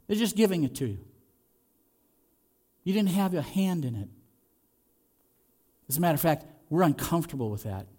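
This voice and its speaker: Male pastor, slightly high voice, lively sermon full of rhetorical questions. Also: normal speed, long pauses. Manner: conversational preaching with rhetorical questions; animated, swings between loud and soft.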